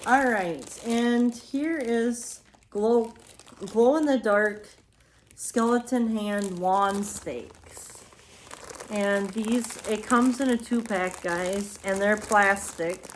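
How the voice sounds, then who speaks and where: A woman's voice: mid-range voice, very slow, slight background noise. A woman chatting casually as she shows off home decor she bought, rambling and often adding apologetic asides. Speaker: home decor haul vlogger. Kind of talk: casual show-and-tell chat.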